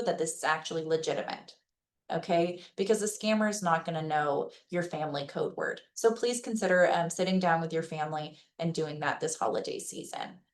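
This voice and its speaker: A woman giving an informal educational presentation in a conversational way. She gives practical advice in plain, reassuring words and keeps checking in with her listeners. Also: fairly low pitch. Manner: conversational, checks in with listeners by asking "okay?" and "right?". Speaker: presenter at a senior-services webinar.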